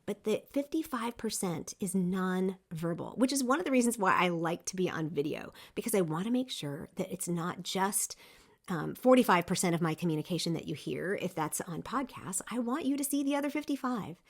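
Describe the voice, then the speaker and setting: Middle-aged female host, slightly low voice, animated motivational delivery with restarts. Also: moderate pace. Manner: lively, emphatic, with frequent restarts. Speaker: podcast host. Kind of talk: motivational leadership talk. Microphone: seen on video, single speaker.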